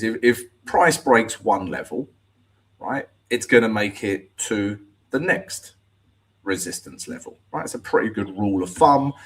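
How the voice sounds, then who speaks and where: A man hosting a live trading show, chatting casually through chart analysis and talking to viewers. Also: on the low side.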